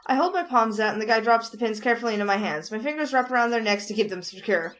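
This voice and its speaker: A woman's voice: a little high, expressive, fast, hardly any pauses, a bit bright. A woman hosting a gaming video, narrating a visual novel with chatty, giggly asides at a desk mic.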